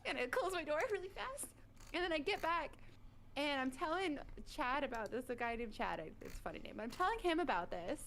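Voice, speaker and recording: A woman in the military, telling a long, animated story in casual chat over online voice chat. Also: high-pitched, quick pace, slight background noise. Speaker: military service member. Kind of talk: casual chat on a game stream.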